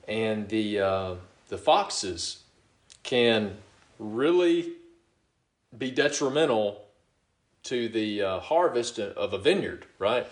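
A middle-aged man preaching a sermon as pastor, talking in a relaxed, conversational way, often chuckling and asking "you know what?". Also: mid-range voice, roomy sound.

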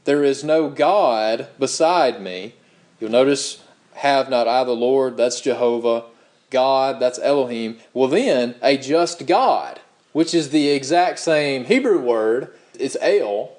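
A man preaching a sermon, reading scripture slowly and emphatically and explaining it. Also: mid-range voice, darkish tone. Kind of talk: sermon teaching.

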